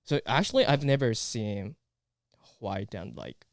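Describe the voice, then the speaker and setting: A man with a Japanese accent chats as a guest, searching for words and leaning on "you know." His voice is smooth and clean. The sound is dry, with no room echo. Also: fairly low pitch, wildly swooping pitch. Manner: halting, filler-heavy phrasing with many "you know"s. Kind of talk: casual chat.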